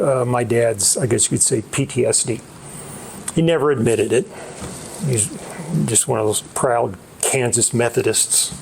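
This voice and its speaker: A middle-aged man tells a family story at a slow, unhurried pace, with a gravelly edge to his voice. He speaks haltingly and often restarts his sentences. A faint hiss sits under the recording. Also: mid-range voice. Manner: halting, many restarts and fillers. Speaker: author. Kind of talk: storytelling book talk.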